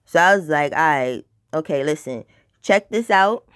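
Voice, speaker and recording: A woman's voice: low-pitched, animated, moderate pace, a bit bright, no room sound, studio quality. Blunt profane woman telling a story. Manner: rambling with filler words. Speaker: storytime vlogger. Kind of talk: casual storytelling.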